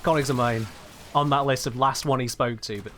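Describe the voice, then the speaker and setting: A man's voice: mid-range voice, fairly even intonation, a little fast, bright, forceful tone, slight background noise. A British man chatting casually on a live game stream, rambling and reading chat aloud.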